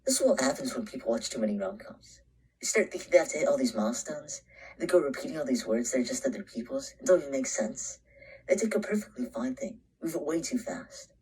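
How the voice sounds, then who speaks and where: A man's voice: mid-range voice, expressive, fast talker, breathy edge, rough recording. An actor playing an anxious, introspective young man who narrates a short film in a half-whispered voice. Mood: brooding. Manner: brooding, often half-whispered, breaks into panicked shouts.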